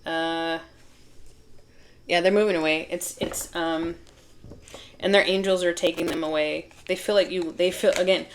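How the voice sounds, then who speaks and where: Woman tarot reader, low-ish voice, chatty and giggly, rambling and casual. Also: fairly even intonation, measured pace, long pauses, noisy background. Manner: chatty, laughing, self-interrupting. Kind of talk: casual tarot reading to camera.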